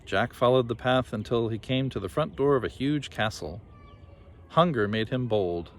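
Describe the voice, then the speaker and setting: A man reads a children's storybook aloud, lively and expressive. His voice sits at a middle pitch. Faint ambience hums behind him. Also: normal speed, slight background noise. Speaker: reader.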